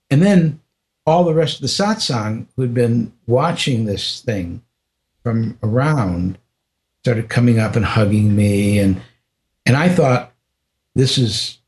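Older American man telling a story. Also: fairly low pitch. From United States. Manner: reflective, unhurried, many restarts and small laughs. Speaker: podcast guest. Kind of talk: personal storytelling in conversation.

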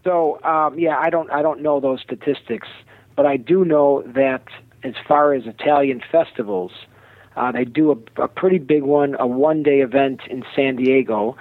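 A man with a Chicago accent, a festival producer being interviewed, speaking haltingly with many fillers and restarts. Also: medium pitch, no echo. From Chicago, USA. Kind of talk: phone-in interview. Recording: tinny phone line.

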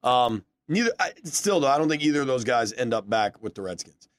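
A man's voice: medium pitch, animated, fairly quick, smooth, no echo, studio quality. A man hosting a casual sports podcast, joking and teasing his co-hosts. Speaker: podcast host.

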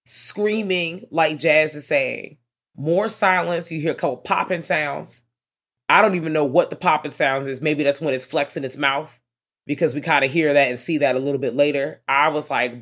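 Animated woman reviewing a film. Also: low voice, moderate pace. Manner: animated, swears freely, quoting her own reactions. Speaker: podcast co-host. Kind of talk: casual chat reviewing a film.

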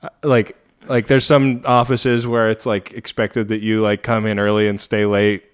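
Male podcast co-host, lowish voice, loose rambling chat. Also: flat delivery, moderate pace, smooth. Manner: chatty, rambling with many likes. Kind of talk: casual chat.

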